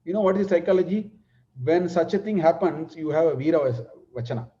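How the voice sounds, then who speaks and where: A man's voice: on the high side, fairly even intonation, mellow. Man teaching scripture verses. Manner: unhurried, explains Sanskrit verses word by word with many restarts. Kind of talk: explanatory scripture class. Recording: dull lo-fi recording.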